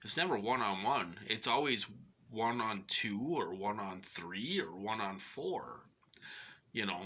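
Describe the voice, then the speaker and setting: A man's voice: lowish voice, animated, unhurried, bright, forceful tone, husky. A middle-aged man from Minnesota rambling through an aggrieved personal monologue, full of fillers and restarts, sounding short of breath. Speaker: vlogger.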